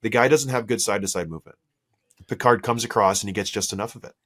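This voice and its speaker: A hoarse man co-hosting a hockey podcast, breaking down plays in a worked-up, exasperated way, full of rhetorical questions. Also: fairly low pitch, fast, a bit bright. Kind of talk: heated sports analysis chat.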